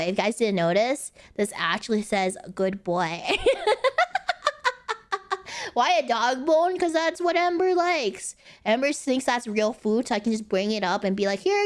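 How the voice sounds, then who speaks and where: A playful young woman talking to her viewers in a loose, rambling way. She laughs a lot and speaks in a fairly high voice. Her pitch swoops widely while her pace stays slow. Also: animated. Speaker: VTuber streamer. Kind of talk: casual live-stream chat.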